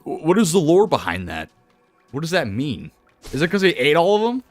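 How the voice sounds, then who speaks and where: A man live-streaming a video game, animated, laughing and chatting with his viewers. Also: a little high, fairly quick, no room sound, soft background music. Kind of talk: live gameplay commentary.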